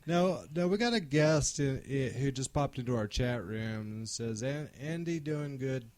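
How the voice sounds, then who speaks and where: A man's voice: medium pitch, lively intonation, moderate pace, darkish tone. A man co-hosting a podcast, chatting casually and reading out listener questions from the chat. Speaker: podcast co-host.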